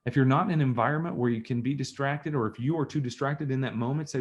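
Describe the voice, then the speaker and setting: A man's voice: medium pitch, fast talker, few pauses. A man giving an online training on listening, talking conversationally and telling stories with acted-out dialogue, over a video call mic. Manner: conversational, storytelling, acts out dialogues. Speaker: communication skills trainer.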